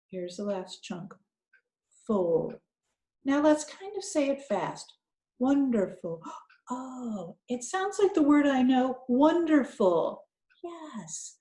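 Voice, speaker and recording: A woman's voice: medium pitch, warm tone, reverberant. A woman teacher guiding young children through a reading lesson, thinking aloud in an encouraging way.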